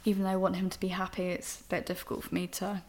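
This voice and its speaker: A woman's voice: fairly low pitch, monotone, fast talker, a little mellow. A young woman, a podcast host candidly telling a personal story in an emotional, rambling way. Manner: emotional, rambling, frank with swearing.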